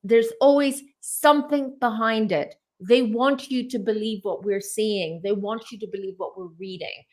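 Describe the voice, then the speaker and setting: A woman's voice: on the high side, moderate pace, darkish tone. A woman in her thirties, a clairvoyant tarot reader hosting a casual chat, talking earnestly and repeating herself as she goes. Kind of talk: casual spiritual reading chat.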